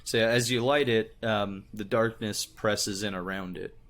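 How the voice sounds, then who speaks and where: A man narrating a tabletop game as game master, describing scenes in an unhurried way. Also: lowish voice, fairly even intonation, fairly bright tone.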